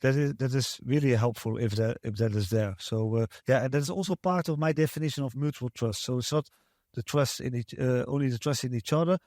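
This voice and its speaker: A man's voice: medium pitch, a little fast, a little mellow, no echo, clean studio sound. A man, a guest researcher answering interview questions in a hesitant way, with many fillers and restarts.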